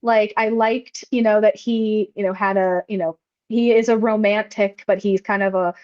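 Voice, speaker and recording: A woman co-hosting a casual film podcast, talking in a chatty run with lots of "like" and restarts. Her voice sits at a middle pitch. The recording sounds a little dull and lo-fi. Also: fairly even intonation, normal speed, a little mellow. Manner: chatty, many fillers and restarts. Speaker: podcast co-host. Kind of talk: casual chat recapping a film.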